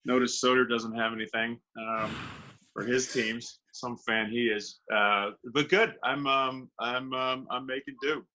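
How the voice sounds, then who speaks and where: A man's voice: medium pitch, steady tone, a little slow, pushed and bright. A man chatting as a guest on a video call, laid-back and wry, often laughing. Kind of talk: casual video-call chat.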